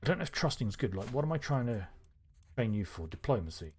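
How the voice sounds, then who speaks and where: A man streaming a strategy game live, thinking aloud with excitable bursts. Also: medium pitch, fast, slightly rough.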